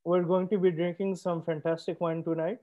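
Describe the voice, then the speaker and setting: With phone-quality sound, a young sommelier and show host runs a live wine tasting in a high-pitched, level-toned voice at a brisk pace. He keeps things chatty and upbeat, speaking directly to his viewers.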